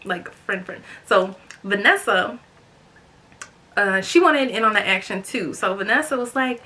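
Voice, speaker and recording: A young woman hosting a storytime vlog, chatty and animated, talking straight to her viewers and acting out other people's voices. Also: mid-range voice, normal speed. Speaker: vlogger host.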